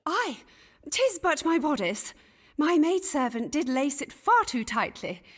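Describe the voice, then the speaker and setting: Casting: flustered period gentlewoman, high bright voice with wide swoops, chattering old-fashioned speech. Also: very animated, a little slow. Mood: gossipy. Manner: chattering archaic speech, easily scandalised. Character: fussy, gossipy Elizabethan gentlewoman.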